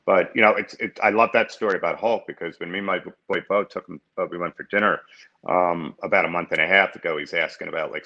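A man in his fifties with a very low, gravelly voice tells stories in a casual podcast chat. He rambles warmly and restarts his sentences often. The recording sounds dull and lo-fi. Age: 50s. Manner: rambling, heartfelt, many restarts.

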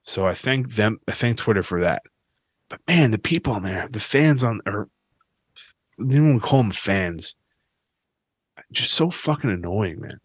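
Male podcast host, low voice, dry close sound, swears freely while ranting. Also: lively intonation, normal speed, long pauses, slightly rough, no echo. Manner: profane, ranting, restless. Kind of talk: casual podcast rant.

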